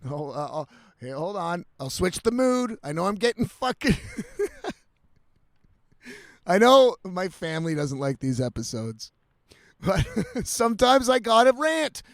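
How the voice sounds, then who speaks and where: Man, high voice, slightly drunk, profane ranting vlog, dry close sound. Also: normal speed, no room sound. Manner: profane, animated ranting with laughs. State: slightly intoxicated. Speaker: vlogger.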